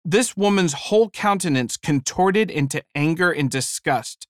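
A man's voice: a little high, expressive, a little slow, no room sound, studio quality. A man giving a devotional talk, telling stories in a wry, conversational way. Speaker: devotional speaker.

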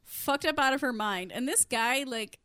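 A woman in her twenties with a high, bright voice. She talks fast and casually, swears freely and jumps into silly voices as she retells scenes. The recording is close and dry. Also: no echo. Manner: animated, acts out characters in funny voices, swears freely. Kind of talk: casual recap chat.

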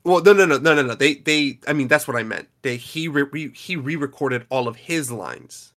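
A man's voice: mid-range voice, normal speed, a bit bright. A man hosting a casual podcast chat, talking in a chatty, rambling way with frequent restarts. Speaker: podcast host.

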